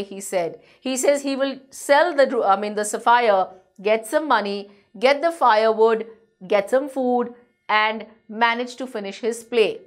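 A young woman teacher reads a story aloud and then retells each line in simple, chatty words. Her voice sits fairly high for a woman. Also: unhurried. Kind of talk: reading a story and explaining it to a class.

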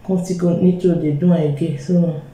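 A woman's voice: lowish voice, fairly even intonation, a little fast, dark tone, echoey room, a little hiss or hum, poor audio. A woman with a Nigerian accent gives a live makeup tutorial, talking straight to her viewers and mixing Pidgin into her English. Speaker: beauty vlogger.

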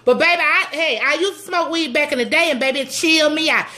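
A middle-aged woman giving sassy, teasing comedic church advice to her viewers, animated and preachy with loud whoops. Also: sits high, quick pace. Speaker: comedic commentator addressing live viewers.

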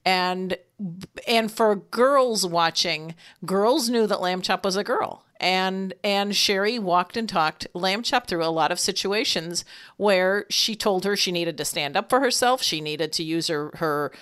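A woman's voice: mid-range voice, unhurried, fairly bright tone, smooth. A woman hosting a casual discussion, reflective and asking questions aloud. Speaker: podcast host.

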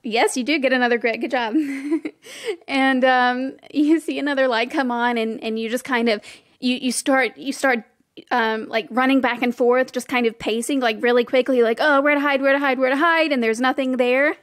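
A woman's voice: high voice, moderate pace, no room sound, studio quality. A woman narrating as game master in a casual, giggly way, with many fillers.

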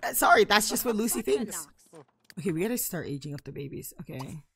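A young woman commenting casually on her life-simulation game, playful and giggly, with sudden loud bursts of excitement. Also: on the low side, brisk, vocal fry, a little hiss or hum. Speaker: gameplay commentator. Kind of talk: casual let's-play commentary.

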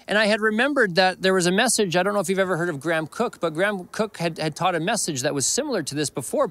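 A man's voice: high voice, pushed and bright. A man with a Canadian accent, a pastor preaching a sermon, telling a personal story earnestly and repeating phrases. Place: church.

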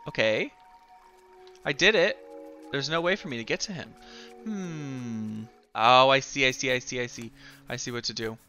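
A man giving excited, giggly let's play commentary while thinking aloud through a puzzle game. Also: mid-range voice, moderate pace, pauses often, soft background music. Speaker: gamer playing a video game.

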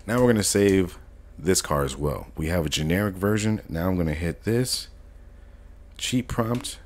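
A man streaming a casual live modding tutorial, chatting in relaxed slang and thinking aloud as he goes, often correcting himself. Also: sits low, normal speed. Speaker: gaming streamer.

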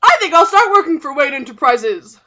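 A woman's voice: sits high, very animated, fairly quick, pushed and bright, pitched above the performer's own voice, exaggerated voice. A young woman playing a feisty female activist in a spunky, mock-dramatic way. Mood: earnest.

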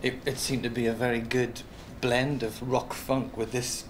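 A man's voice: mid-range voice, little pitch movement, moderate pace, a little hiss or hum. A man in an interview, recalling the past in an easygoing, hesitant way with filler phrases. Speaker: musician interviewee. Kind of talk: casual reminiscing interview.

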